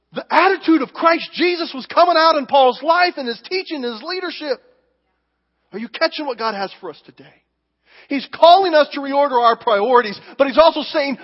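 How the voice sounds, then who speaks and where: A male pastor preaching a sermon in a church, telling stories with emphatic, animated delivery. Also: very high-pitched, fairly quick. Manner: animated, emphatic storytelling with acted quotes. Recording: dull recording with long hall reverb.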